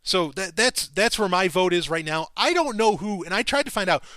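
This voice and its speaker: A man hosting a podcast, talking in a casual monologue, excitable and profane, his voice leaping up when he gets enthused. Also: sits high, normal speed, no room sound. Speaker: podcast host.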